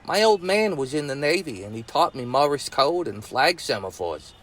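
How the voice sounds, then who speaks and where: A man voicing a loudmouthed young boy diver, blunt and bossy. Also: a little high, big pitch swings, moderate pace. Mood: excited.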